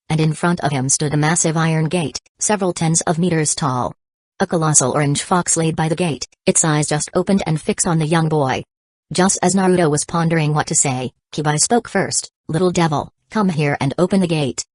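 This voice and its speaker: A woman narrating an audiobook in an even, steady reading. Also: low voice, no echo.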